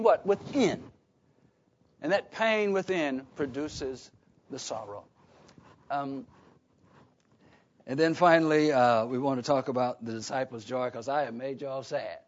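A man's voice: mid-range voice, a little slow, pauses often. A man preaching a sermon in a conversational way, often asking his congregation questions and starting sentences over. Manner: call-and-response questions to the congregation; conversational, with frequent restarts. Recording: dull lo-fi recording.

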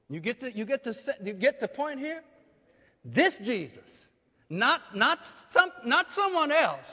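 Preacher guy, really high voice, keeps asking the crowd questions, muffled recording in a big echoey hall. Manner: call-and-response preaching, asks the congregation questions; rises to loud emphatic peaks. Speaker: pastor. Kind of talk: sermon. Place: church. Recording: dull lo-fi church hall recording.

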